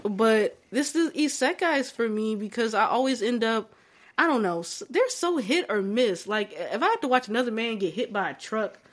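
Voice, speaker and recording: A woman's voice: on the high side, lively intonation, normal speed. A young woman, co-hosting a casual chat, telling stories animatedly and laughing often. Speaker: podcast co-host.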